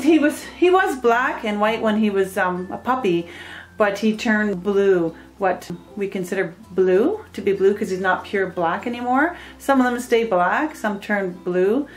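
Chatty woman in an echoey room. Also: mid-range voice. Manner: chatty, rambling, coos baby talk at her pets. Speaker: pet vlogger. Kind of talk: casual show-and-tell. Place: home with pets.

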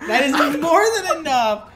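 A man's voice: extremely high pitch, lively intonation, moderate pace. A man co-hosting a comedy show, teasing and giggling through casual banter. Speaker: podcast co-host. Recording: crowd noise behind.

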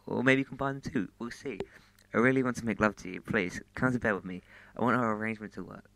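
A man reading the lines of an intense, commanding young man who pleads in a low, hushed, urgent voice, in a plain storybook reading. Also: quick pace, vocal fry, no echo.

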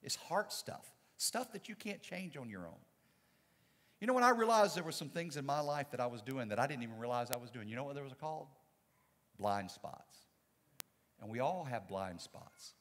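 A man, a pastor, preaching a sermon with dynamic swings from loud to soft. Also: medium pitch, animated, normal speed, in a large hall. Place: church sanctuary.

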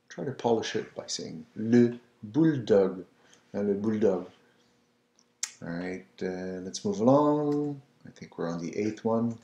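A man teaching pronunciation, who repeats each word slowly and coaxes the listener to try it. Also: lowish voice, warm tone. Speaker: French teacher. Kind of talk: slow, patient pronunciation lesson. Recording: echoey room.

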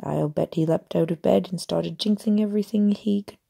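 A woman reading aloud, voicing a harried middle-aged male wizard official with a brisk, loud manner in a low, gravelly voice. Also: exaggerated voice. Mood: hurried.

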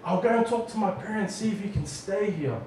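A man doing a soft reassuring boy. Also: high voice, a little fast, background noise, close to an everyday voice. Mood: comforting. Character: boy friend, calm and reassuring. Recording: echoey hall from far off.

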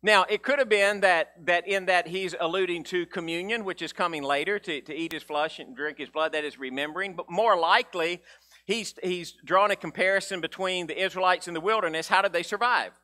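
Man, pastor, conversational sermon, animated, repeats words, high voice, bright tone. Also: brisk. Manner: conversational, animated preaching with frequent restarts and acted quotes.

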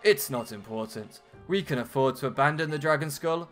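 Brief: stern older villain sage, voiced by a British man, low-key and cold. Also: brisk, fairly bright tone, faint music behind, natural voice. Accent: British English.

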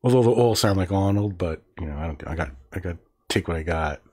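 A man's voice: low-pitched, animated, fairly quick, darkish tone. A man hosting a casual livestream, reading words aloud and reacting with profane, sarcastic, muttered asides. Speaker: livestream host.

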